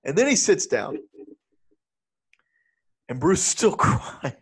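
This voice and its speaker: A man co-hosting a casual movie review chat, animated and often laughing as he talks. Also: fairly high pitch, slow pace, slightly rough. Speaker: podcast co-host.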